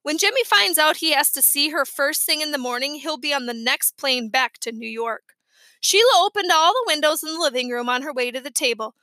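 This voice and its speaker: A woman narrating a children's chapter book in a clear, lively way. Her voice is high and bright. The recording is close and dry. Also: fairly quick, dry recording, poor audio. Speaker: audiobook reader.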